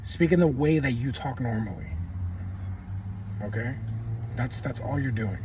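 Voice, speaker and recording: A man's voice: medium pitch, measured pace, far from the mic, background noise. A man giving casual, emphatic motivational talk, repeating himself and swearing bluntly. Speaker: manifestation video creator.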